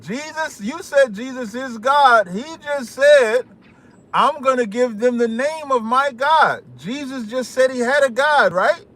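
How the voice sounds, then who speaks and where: A man putting on an exaggerated African accent as a preachy figure who asks pointed, drawn-out questions. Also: very high voice, fairly bright tone, voice pushed up. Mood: insistent. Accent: African, put on.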